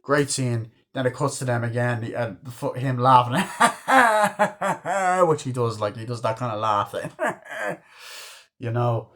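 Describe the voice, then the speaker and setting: A man talks through a film he loves in a loose, rambling way. He swears freely and keeps breaking into quick impressions of the scenes, with a voice in the middle of the usual range for a man. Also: medium pitch, little pitch movement, a bit bright. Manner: rambling, swears a lot, acts out quoted scenes. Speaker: movie reviewer. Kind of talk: casual movie review.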